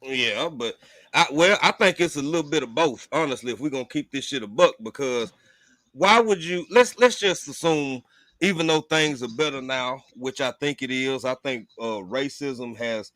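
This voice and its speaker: A man's voice: mid-range voice, moderate pace, a bit bright, dry recording, clean studio sound. A man hosting a casual chat, talking bluntly and with lots of profanity. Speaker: host.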